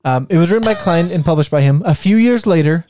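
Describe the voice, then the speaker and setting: Man, podcast co-host, slightly high mellow voice, reads notes with ums and restarts. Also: expressive, fast, a little hiss or hum. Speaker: podcast co-host presenting history. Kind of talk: casual history podcast chat.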